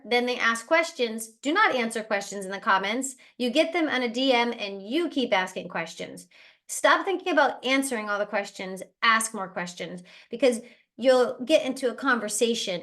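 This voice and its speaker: A woman's voice: medium pitch, fairly bright tone. A woman who owns a travel business, chatting casually as she coaches her team on sales and now and then acting out other people. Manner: chatty, acts out other people in quick bursts. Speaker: travel agency owner leading team training. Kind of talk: casual motivational training talk.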